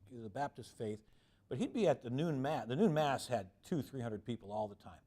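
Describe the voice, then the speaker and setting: A middle-aged man giving a public lecture, telling lively anecdotes and acting out the people he quotes. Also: medium pitch, brisk.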